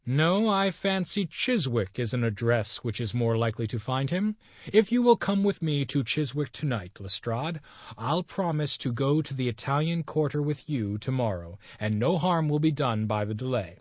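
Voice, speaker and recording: A man reading the part of a clever detective, measured and quietly confident. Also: mid-range voice, expressive, dry recording, clean studio sound, lightly acted. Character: cool clever male detective, calm and wry.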